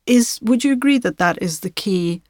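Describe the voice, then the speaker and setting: A woman hosting a podcast interview, asking questions in a measured, thoughtful way. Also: mid-range voice, expressive, a little mellow, no room sound, clean studio sound. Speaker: podcast host.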